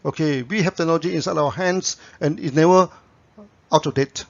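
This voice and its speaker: A man's voice: on the high side, a little fast. Man, company founder, promotional talk to camera, rambling anecdotes, dull lo-fi sound. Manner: anecdotal, peppered with "you know" tags. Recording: dull lo-fi recording.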